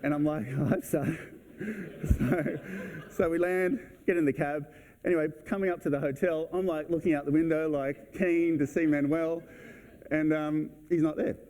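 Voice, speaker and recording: A man's voice: on the high side, steady tone, normal speed, darkish tone, a little hiss or hum. A man giving a casual, anecdotal talk as a speaker at a real estate event, acting out scenes as he tells a story. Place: event hall on stage.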